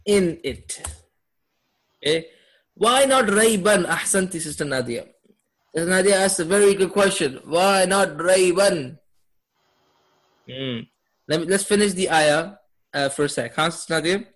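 In a classroom lesson on Quranic Arabic, a man with a fairly high voice teaches at a normal speed. He's upbeat, quizzing his students with questions and laughing often.

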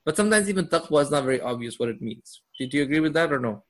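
A man with a fairly high voice teaches a class on Quranic Arabic. He keeps quizzing his students and laughs often as he goes. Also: lively intonation, racing, a bit bright. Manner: asks students questions, upbeat with laughs. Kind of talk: classroom lesson.

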